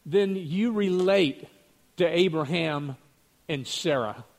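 High-voiced man preaching a chatty sermon. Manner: storytelling, chuckling, repeats words as he goes. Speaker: pastor. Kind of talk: conversational sermon.

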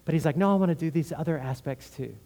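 A man's voice: on the high side, fast, mellow. A man from Houston, a pastor, preaching a conversational sermon full of personal stories and frequent "right?". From Houston, Texas.

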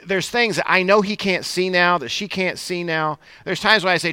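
A man's voice: sits high, normal speed, bright, forceful tone, clean tone, no room sound, clean studio sound. Conversational man preaching a sermon. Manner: conversational, folksy preaching with frequent "right?". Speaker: pastor.

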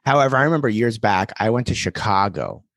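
Man, low-ish voice, dry close sound, blunt wry casual storytelling. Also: sing-song, fast, fairly bright tone, dry recording. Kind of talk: casual podcast chat.

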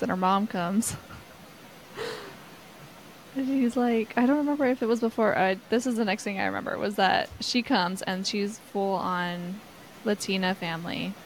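A woman co-hosting a casual book chat, animated, acting out characters as she retells. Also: medium pitch, normal speed, a little hiss or hum, poor audio. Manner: animated, acts out characters in quotes. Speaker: podcast co-host.

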